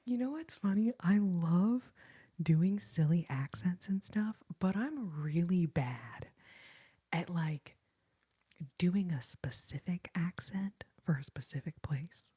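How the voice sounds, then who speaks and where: Breathy whispering woman, ASMR chat. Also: fairly low pitch, slow pace. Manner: soft whisper, chatty, giggly. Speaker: ASMR host.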